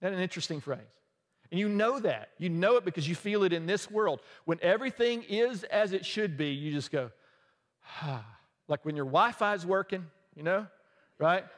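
A man preaching a sermon in a casual, joking, conversational way, with quick asides to the congregation. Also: high voice, a bit bright, big-room sound. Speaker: pastor.

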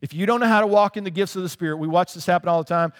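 Racing along in a high-pitched voice, this man preaches as pastor with a conversational touch. He keeps checking in with his listeners, dropping in "right?" again and again, while a long hall reverb trails his words.

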